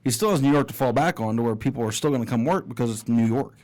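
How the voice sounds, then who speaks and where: A man's voice: medium pitch, fast talker, darkish tone. Podcast guy rambling thru his thoughts, lots of restarts, swears. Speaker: podcast co-host. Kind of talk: casual wrestling podcast chat.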